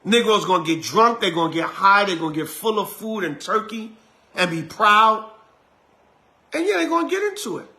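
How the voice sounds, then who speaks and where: A man's voice: high voice, sharp tone. A middle-aged man, an elder preaching a sermon in an emphatic, repetitive, colloquial way.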